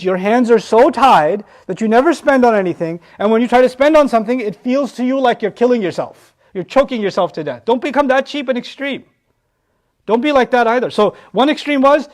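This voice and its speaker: A man giving a lecture on Quran verses, animated, asking rhetorical questions and acting out what people say. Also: very high-pitched. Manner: animated, rhetorical questions, acts out quoted voices. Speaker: Quran teacher.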